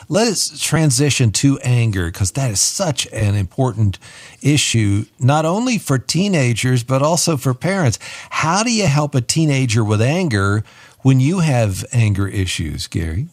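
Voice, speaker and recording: A male show host introduces his guests and moves the talk along. His delivery is measured and announcer-like, and the sound is dry and close. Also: medium pitch, animated, dry recording.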